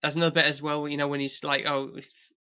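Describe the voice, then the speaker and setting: A man chatting as a podcast guest with a bright, tense edge to his voice. He is agreeable and quick to chime in during the casual film talk. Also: a little high, level tone, clean tone. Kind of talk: casual film review chat.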